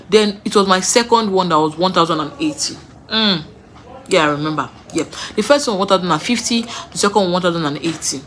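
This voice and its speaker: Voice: medium pitch, moderate pace, fairly bright tone, a little hiss or hum. A young adult with a Nigerian accent tells personal stories in a casual way, repeating words for emphasis and laughing between sentences. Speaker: vlogger.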